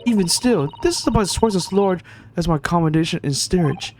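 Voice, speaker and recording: A man putting on a courteous young female companion in a visual novel game. The voice is raised and soft, a plain falsetto-like lift. Her manner is polite and gentle. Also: animated, a little fast, slight background noise.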